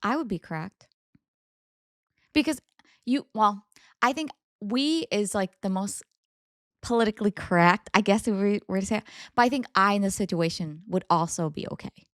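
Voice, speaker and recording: A woman co-hosting a casual story-discussion podcast with her partner, chatty and animated, laughing often. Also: mid-range voice, moderate pace, no room sound, clean studio sound. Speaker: co-host reading Reddit stories.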